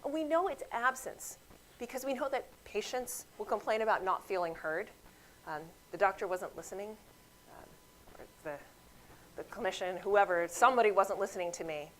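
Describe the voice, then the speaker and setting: A woman physician with a mid-range voice and a moderate pace tells clinic stories during a grand rounds lecture. She animates quoted voices and speaks directly to the room, though the audio is poor with a little hiss or hum.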